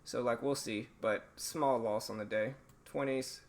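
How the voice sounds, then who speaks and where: A man hosting a live day-trading stream, thinking aloud in a relaxed, halting way, his voice a bit hoarse. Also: medium pitch. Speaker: stream host, day trader.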